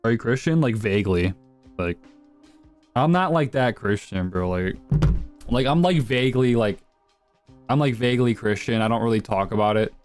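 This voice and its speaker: A man's voice: mid-range voice, lively intonation, normal speed, pauses often, soft background music. A young man live streaming, answering chat with crude, provocative, slang-heavy banter.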